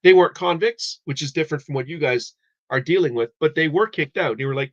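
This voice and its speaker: A man's voice: medium pitch, fast talker, a bit bright. A man hosting a live stream, explaining history in a rambling casual way with many restarts. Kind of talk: casual chat. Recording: dull lo-fi audio.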